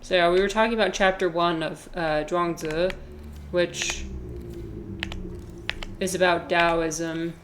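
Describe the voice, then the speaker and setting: Chatty woman streamer, slightly low voice. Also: steady tone, slow, a little hiss or hum. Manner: rambling, chatty, reading chat and answering. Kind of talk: casual livestream chat while gaming.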